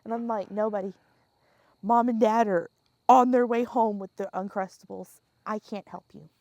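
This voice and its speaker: A young woman telling a story in casual podcast chat, animated and laughing often, swearing freely and acting out the scenes. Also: medium pitch, normal speed, no echo, dull audio.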